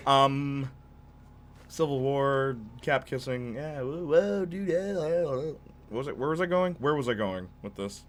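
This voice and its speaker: A young man streaming gameplay, chatting in a rambling, excitable way with lots of fillers and tangents. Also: mid-range voice. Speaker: gaming streamer. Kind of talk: livestream gameplay commentary.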